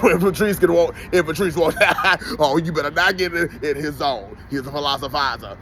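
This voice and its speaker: A man's voice: fairly high pitch, moderate pace, bright, forceful tone, slight background noise. A man in his forties ranting in an unscripted vlog, profane and rambling, often laughing. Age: 40s. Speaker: vlogger. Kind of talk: unscripted rant.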